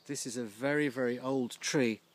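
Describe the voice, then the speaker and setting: A man giving casual, gently humorous commentary outdoors by a field, slowly explaining English words as he films. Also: medium pitch, fairly even intonation. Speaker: vlogger teaching English.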